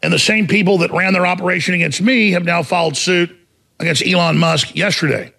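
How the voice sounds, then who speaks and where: A man hosting a talk show, ranting in a combative, mocking way and shouting for emphasis, with a raspy, gravelly voice. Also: high voice, a little fast. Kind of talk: heated talk radio rant.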